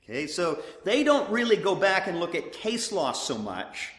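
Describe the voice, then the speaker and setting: A man with a high voice teaches from the Bible in a conversational, sermon-like way at a normal speed. He's animated and keeps restarting his sentences, and the recording has the echo of a large hall.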